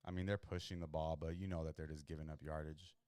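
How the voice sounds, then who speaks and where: A man hosting a live watch stream, chatting casually and reacting in excited bursts to a football game. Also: extremely low pitch, quick pace, smooth, no room sound. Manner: excitable, chatty, jumps between worry and hype.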